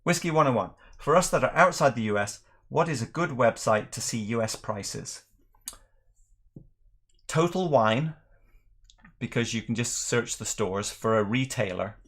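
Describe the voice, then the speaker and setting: A middle-aged man with an accent that blends Northern Ireland with England hosts a casual whisky livestream. His voice sits at an ordinary middle pitch, and he talks in an easy, chatty way with frequent laughs. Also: measured pace, breathy edge. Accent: mixed Northern Irish and English. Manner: relaxed, chatty, laughs often, reads viewer questions. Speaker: whisky channel host.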